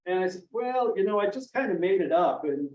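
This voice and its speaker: A man's voice: sits high, fairly quick, slight background noise. A middle-aged man from Maine, a children's author telling stories to kids at a library and acting out the voices of the people he quotes. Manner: animated, acts out quoted voices. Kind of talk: storytelling talk to children and families. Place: library event room. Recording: dull, echoey room from far off.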